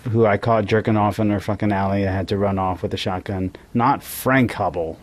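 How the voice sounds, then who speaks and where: A man's voice: lowish voice, little pitch movement, fast talker, a little mellow. A man co-hosting a podcast in casual chat, profane and rambling, a little tipsy. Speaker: podcast co-host.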